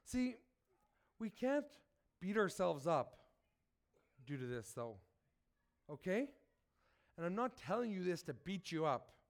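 A man's voice: sits high, sing-song, slow pace, long pauses. A man who is sick, reading scripture and preaching, earnest and asking his listeners direct questions. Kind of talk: sermon with Bible reading.

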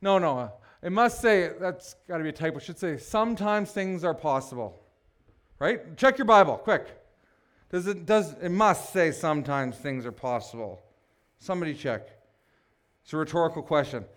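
A man preaching a sermon, building to passionate shouts and breaking off for joking asides. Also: a little high, animated, normal speed. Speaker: pastor.

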